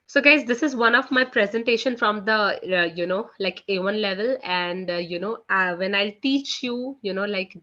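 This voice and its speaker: Over dull, lo-fi call audio, a woman with a bright, forward, mid-range voice runs a live online French lesson. She keeps things casual, leaning heavily on "you know" and "guys."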